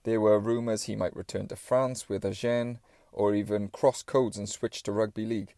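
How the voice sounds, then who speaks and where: Male narrator, scripted sports documentary, low mellow voice, dry recording. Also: fairly even intonation, moderate pace, no echo.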